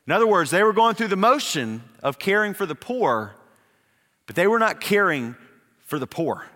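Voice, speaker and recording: A male pastor giving a sermon, emphatic, repeating words and slowing down on key phrases to press a point home. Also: high-pitched, sing-song, sharp tone. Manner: emphatic preaching with repetitions and slowed, dropped phrases. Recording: long reverb of a hall.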